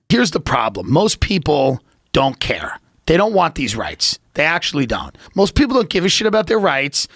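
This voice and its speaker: A man's voice: high voice, bright, forceful tone, no echo. A man doing a profane, sarcastic comedic rant, mocking and swearing as he goes.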